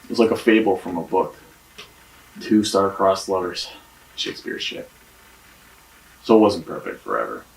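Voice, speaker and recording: A man's voice: sits low, sing-song, normal speed, creaky, pauses often, distant mic, over music, full character voice, rough recording. An actor playing a defensive man questioned by police in a mystery game, talking evasively and swearing. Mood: guarded. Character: defensive, guarded young man under police interrogation.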